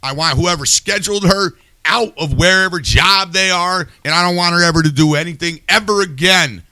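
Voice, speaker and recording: A man's voice: high-pitched, brisk, pushed and bright, clear, resonant tone, no echo. A man hosting a podcast, ranting in a heated, profane, casual way. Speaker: podcast host.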